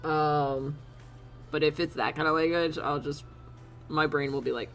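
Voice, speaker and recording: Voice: mid-range voice, steady tone, fairly quick, fairly bright tone, faint music behind. A streamer chatting casually to their chat, rambling with frequent laughs and casual swearing.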